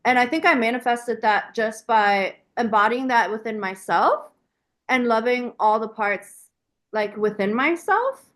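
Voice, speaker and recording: Animated woman, bright higher voice. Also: unhurried. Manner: animated, frequent "like" fillers. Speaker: podcast guest, business founder. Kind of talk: casual conversational interview.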